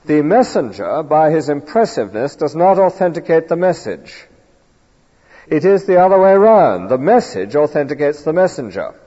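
A man delivers an emphatic sermon with a lively, rising and falling pitch and a mellow, husky tone. His voice rings with long reverb through a church, captured on a dull lo-fi recording. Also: normal speed. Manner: earnest, emphatic expository preaching. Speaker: preacher.

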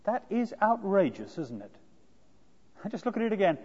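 A man's voice: high voice, very animated, normal speed, pauses often, warm tone, breathy edge. A man preaching an expository sermon, earnest and fond of rhetorical tag questions. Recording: dull lo-fi sound with long hall reverb.

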